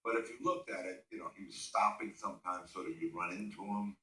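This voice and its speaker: A man in a documentary interview, calmly explaining a player's tactics. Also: deep voice, fast talker, recorded from a distance, slight background noise. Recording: roomy, off-mic, music.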